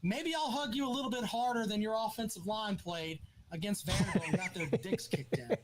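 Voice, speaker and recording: A man's voice: high-pitched, fairly quick, over a noisy crowd. A man hosting a sports podcast, taunting an angry caller by repeating the same jab and adding a mock-polite "sir". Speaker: podcast host. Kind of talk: heated sports call-in argument.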